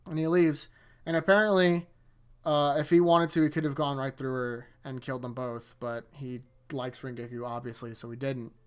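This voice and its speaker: A man's voice: mid-range voice, steady tone, moderate pace, clear, resonant tone. A man hosting his own anime rewatch, recapping episodes in a loose, rambling way that trips over itself and keeps correcting itself. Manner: rambling, self-correcting, chuckles often.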